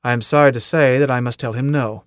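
A man voicing a stern, gruff older military commandant in an audiobook, speaking in a clipped, authoritative way and firing off pointed questions. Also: mid-range voice, steady tone, fast, no room sound, studio quality, lightly acted. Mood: commanding. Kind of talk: audiobook character reading.

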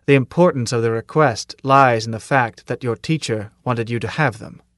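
A man voicing a stern, gruff older military commandant in an audiobook, speaking in a clipped, authoritative way and firing off pointed questions. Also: mid-range voice, moderate pace, a bit bright, no echo, studio quality, natural voice. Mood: commanding. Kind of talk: audiobook character reading.

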